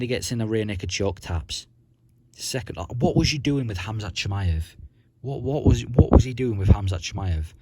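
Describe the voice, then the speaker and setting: A man's voice: on the low side, background noise. A man ranting about the sport in a blunt, profane, rambling vlog. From Britain. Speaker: vlogger.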